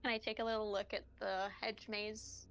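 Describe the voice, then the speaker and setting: A woman's voice: medium pitch, flat delivery, normal speed, fairly bright tone. A woman playing a tabletop role-playing game, talking hesitantly with many fillers and giggles. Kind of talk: casual role-play chat.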